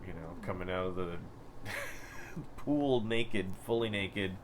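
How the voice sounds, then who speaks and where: A man co-hosting a casual chat in a comic shop, rambling with lots of fillers and animated bursts. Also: low-pitched, a little slow, slight background noise, rough recording. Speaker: co-host.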